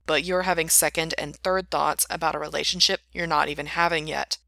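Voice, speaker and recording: A woman doing a calm, teasing younger brother. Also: low voice, brisk, vocal fry, no echo, clean studio sound, full character voice. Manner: calm, matter-of-fact, teasing. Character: patient, dry-witted younger brother.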